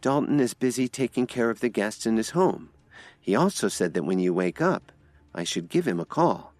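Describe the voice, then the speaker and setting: A man's voice: mid-range voice, lively intonation, normal speed, a little mellow, no echo, voice pushed up, natural voice. Man voicing a worried young woman. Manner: pleading, anxious.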